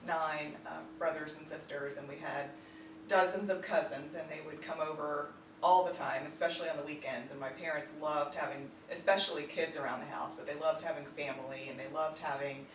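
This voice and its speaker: A woman from Virginia telling a personal family story, halting with many fillers and restarts. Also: low voice. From Virginia, United States. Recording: roomy echo, distant mic, faint noise.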